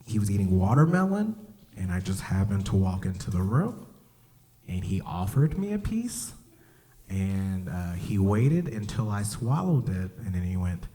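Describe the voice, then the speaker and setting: A man telling stories in a stand-up comedy set at a club, acting out voices and breaking into shouts. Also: sits low, a little slow. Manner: animated storytelling, acts out voices, bursts into shouts. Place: comedy club stage, live audience.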